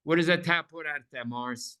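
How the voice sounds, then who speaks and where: A man teaching a Bible class, animated, repeating words for emphasis and asking his listeners questions. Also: a little high, normal speed, smooth.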